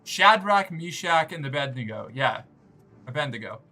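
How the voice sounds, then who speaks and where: A man's voice: a little high, normal speed. A man streaming a game live, rambling and swearing as he plays and chats. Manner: animated, rambling and profane. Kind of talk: live gameplay streaming chat.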